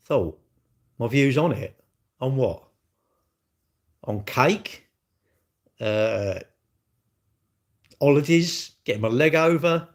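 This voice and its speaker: A man's voice: medium pitch, animated, takes it slowly, pauses often. A man chatting casually on a live stream, blunt and cheeky, rambling and answering his chat.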